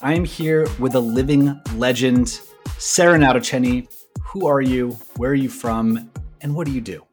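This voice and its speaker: A man's voice: medium pitch, moderate pace, soft background music. A man hosting an interview, asking questions with enthusiasm. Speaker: interview host.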